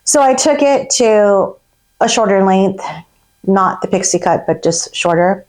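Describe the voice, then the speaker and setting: A woman's voice: mid-range voice, animated, measured pace, a little mellow. A woman, a hairstylist, telling a story about a difficult client in a candid, exasperated way. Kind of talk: storytelling to camera.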